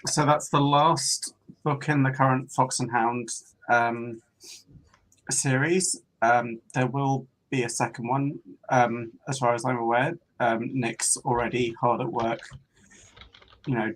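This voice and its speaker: A man who is a guest comic artist, chatting casually about his projects in a hesitant way with many pauses and ums, coughing now and then. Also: mid-range voice, flat delivery, poor audio. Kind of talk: casual chat.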